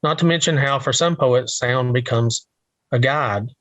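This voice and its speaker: A man of middle pitch delivers a careful poetry lecture, pacing his phrases slowly and letting each one settle before the next. The sound is dry and close, with no room echo. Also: a bit bright. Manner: slow and deliberate, pausing between phrases. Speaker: poet giving a talk on line breaks. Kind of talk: measured literary lecture. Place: home recording for a virtual event.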